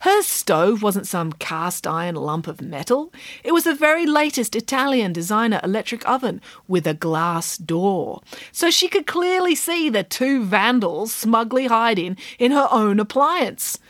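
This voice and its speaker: A woman reading a comic children's story aloud with playful, expressive narration. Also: on the high side, measured pace, dry recording. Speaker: audiobook narrator. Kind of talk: scripted narration.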